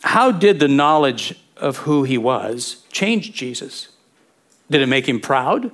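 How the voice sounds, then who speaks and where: A middle-aged man preaching a sermon in a lively, conversational way, full of rhetorical questions. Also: medium pitch, slow. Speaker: pastor.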